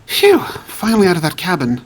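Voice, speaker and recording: A man's voice: sits high, wildly swooping pitch, brisk, pitched above the performer's own voice, exaggerated voice. A man voicing an earnest, somewhat flustered young male lawyer in a video game, reading expressively. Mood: eager.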